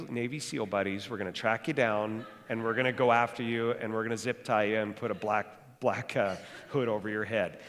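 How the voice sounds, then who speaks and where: Fast-talking pastor preaching in a hall. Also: male voice, mid-range voice. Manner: fast-talking, rising to animated bursts; joking, conversational. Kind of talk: sermon. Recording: long hall reverb.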